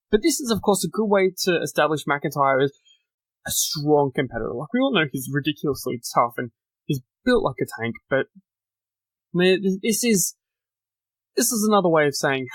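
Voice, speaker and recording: A man on his own podcast runs through the week's wrestling with a chatty, opinionated flow. His voice sits a little on the high side. It is recorded close and dry, with no room sound. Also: dry recording. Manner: chatty, opinionated, animated recap with asides. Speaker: podcast host. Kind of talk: solo wrestling recap podcast.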